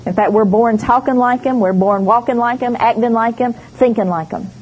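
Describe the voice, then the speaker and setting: Fairly high-voiced woman preaching a sermon. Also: normal speed, a little mellow, husky, rough recording. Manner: emphatic, storytelling with quoted voices. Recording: faint background noise.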